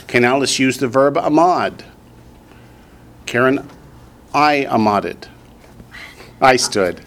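A man with a Southern US accent teaching a language class in a classroom, drilling students slowly and patiently. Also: medium pitch, animated, gravelly, a bit bright. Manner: slow, patient drilling with repetition. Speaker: Hebrew teacher.

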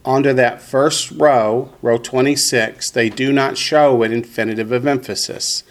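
Man, teacher, mid-pitched, steady and deliberate classroom delivery. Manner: slow, deliberate explanations, leads group repetition. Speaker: Hebrew teacher. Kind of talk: classroom lesson with call-and-response.

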